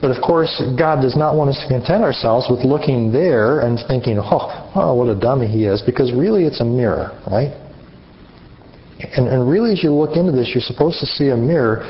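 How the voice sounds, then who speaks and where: A man preaching an interactive sermon, animated and questioning his audience. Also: mid-range voice, fairly quick. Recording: muffled lo-fi recording.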